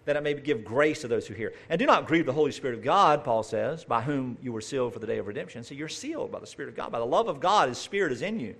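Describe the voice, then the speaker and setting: A man's voice: mid-range voice, expressive, fast talker, few pauses, a bit bright, breathy edge. A man preaching a conversational sermon, talking straight to his listeners with asides and rhetorical questions.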